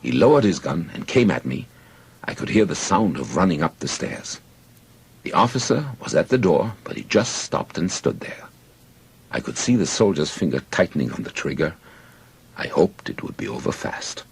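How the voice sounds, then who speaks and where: A man narrating an audiobook in first person with measured storytelling. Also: rumbling low, very animated, creaky, slightly rough.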